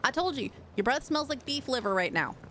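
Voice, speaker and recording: A woman's voice: sits high, very animated, brisk, sharp tone, slight background noise. A woman streaming a video game, chatting casually, laughing often and talking sweetly to her pets. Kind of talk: casual live-stream chat.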